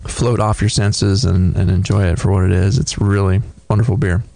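A man co-hosting a beer podcast, casually describing a tasting in a thoughtful, halting way with many fillers. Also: lowish voice, steady tone, gravelly, dark tone, dry recording. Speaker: podcast co-host reviewing beer.

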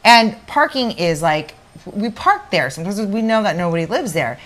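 A woman co-hosting a podcast, telling a neighbor story in casual chat, animated and full of restarts and acted-out quotes. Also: mid-range voice, normal speed. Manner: animated, acts out quoted voices, many restarts. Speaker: podcast co-host.

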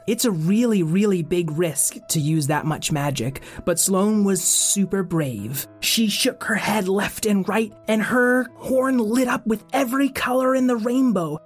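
A man hosting and improvising a children's story, playful and expressive, asking his young co-teller questions. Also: extremely high pitch. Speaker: host and storyteller.

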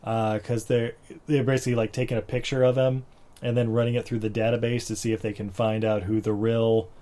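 A man's voice: little pitch movement, a little fast, warm tone. Rambling man recapping a movie. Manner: rambling, filler-heavy retelling with high-pitched quoted voices. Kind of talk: casual movie recap chat.

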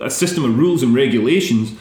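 A man's voice: medium pitch, lively intonation, quick pace, darkish tone. A Scottish man, a comedian guest, arguing his views in casual podcast chat. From Scotland. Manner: argumentative, opinionated. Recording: echoey room.

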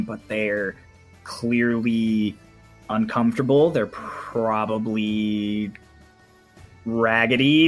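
A man runs a tabletop game, laying out each scene slowly and carefully. His voice sits in a middle register and he takes his time over each detail. Faint music plays behind him. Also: mid-range voice, fairly bright tone. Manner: unhurried, descriptive, with small fillers. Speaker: game master.

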